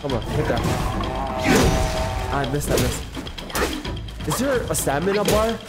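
Young male streamer talking to chat while gaming; excitable, slangy, a touch high-pitched. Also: unhurried, loud music behind the voice. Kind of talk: casual live-stream chat.

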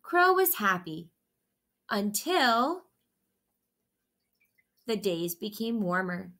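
Slow, expressive woman reading a picture book. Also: medium pitch. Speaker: storyteller. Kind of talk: children's picture book read-aloud.

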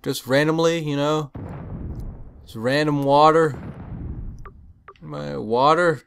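A young man giving casual let's-play commentary, full of excited, puzzled exclamations. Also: a little high, takes it slowly, creaky, a little hiss or hum. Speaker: gameplay commentator. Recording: game music under voice.

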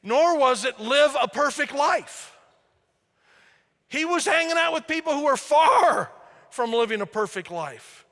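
A man preaching a sermon as pastor, animated, swinging between loud emphasis and quiet asides. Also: very high voice, normal speed, big-room sound. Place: church sanctuary.

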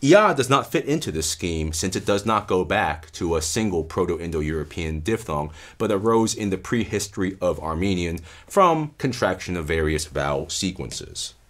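A man lecturing on linguistics in a measured, explanatory way, stressing key terms as he goes. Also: low voice, sing-song, a bit bright. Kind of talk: academic lecture.

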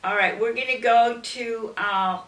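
A woman gently questions children and nudges them along with short prompts. Her voice sits a little high and sounds bright. The sound is roomy and a bit distant from the mic. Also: steady tone, unhurried. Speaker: children's ministry interviewer. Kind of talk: casual interview with children. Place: church room.

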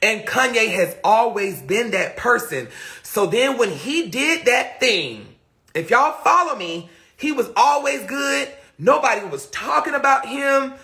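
Her voice sits on the high side, animated and a bit slow, with a pushed, bright quality, coming through a phone or webcam mic. Hosting a laid-back live stream, she reads comments from viewers, curses freely, speaks bluntly, and leans on lots of repeated fillers.

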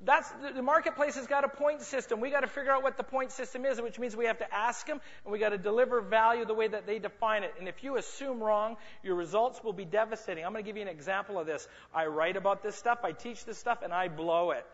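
A man's voice: sits high, fast talker, few pauses, fairly bright tone. A man speaking at a seminar, joking and bantering with members of the audience. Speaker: sales and marketing speaker. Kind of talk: motivational seminar talk to a live audience. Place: large conference room. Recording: muffled reverberant hall recording.

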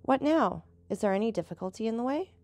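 Woman narrator doing a restless young gentleman traveler, questioning, slightly higher, gravelly. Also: lively intonation, quick pace, no echo. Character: young gentleman traveler, quick-tempered and curious.

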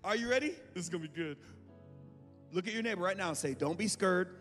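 A man preaching an altar call to a congregation, fervent and rising to shouts, recorded live in a church. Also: sits high, expressive, fast talker. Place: large church sanctuary. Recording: live in a reverberant church with music.

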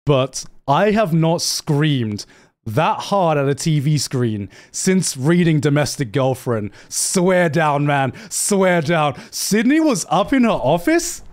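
A young man streaming a casual anime rant, excitable and repetitive, swearing often. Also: a little high, slow. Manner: excitable, swears a lot, repeats himself. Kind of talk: animated casual ranting.

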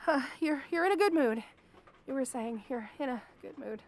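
A woman's voice: high-pitched, lively intonation, moderate pace. A young woman acting a frightened captive in an audio drama, stammering and pleading. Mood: nervous, placating. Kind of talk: audio role-play.

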